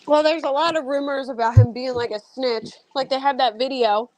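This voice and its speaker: A woman's voice: high voice, steady tone, fairly quick, dry recording, poor audio. A woman hosting a casual true-crime panel chat, talking loosely with many fillers. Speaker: host.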